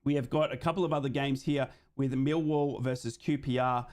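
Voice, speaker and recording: A man's voice: mid-range voice, fairly even intonation, brisk, a little mellow. A man hosting a live football watchalong, giving running play-by-play and reading out viewer comments. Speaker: host of a live match watchalong stream.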